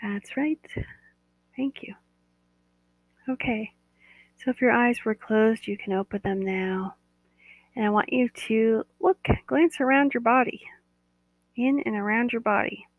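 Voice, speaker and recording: A woman with a slightly high, gravelly voice guides listeners through a body-awareness meditation, soothing and coaxing as she repeats her cues. The sound is close and dry, with no room around it. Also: a little slow, long pauses, no echo, narrow, tinny audio.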